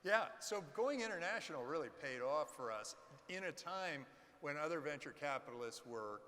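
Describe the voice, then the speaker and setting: A man, a venture capitalist, telling animated stories in an onstage fireside chat and acting out the quotes. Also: on the high side, normal speed, a little hiss or hum. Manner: animated anecdotes with acted-out quotes. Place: conference stage. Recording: reverberant hall.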